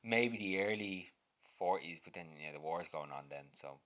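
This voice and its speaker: Deep-voiced bright-toned man. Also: moderate pace. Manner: relaxed, chimes in with short agreements and asides. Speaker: podcast co-host. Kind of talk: casual chat.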